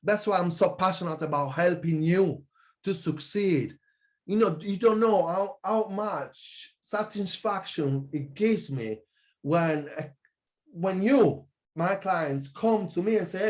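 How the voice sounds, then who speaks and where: This man, an online business coach, sells his course with energy and passion at a measured pace, often stopping to correct himself.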